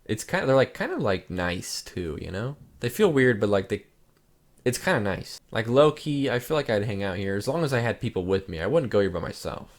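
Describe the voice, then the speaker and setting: A man's voice: fairly low pitch, fairly quick. A young man hosting his channel, reacting to pictures in a loose, rambling casual chat full of "like" fillers. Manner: relaxed, rambling, lots of "like" fillers. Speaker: channel host.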